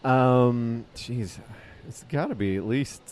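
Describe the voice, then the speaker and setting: A man's voice: medium pitch, slow pace, a little mellow. A man in his late twenties, a comedian guest, telling a long story in a rambling, profane way with many fillers and restarts. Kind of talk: casual storytelling interview.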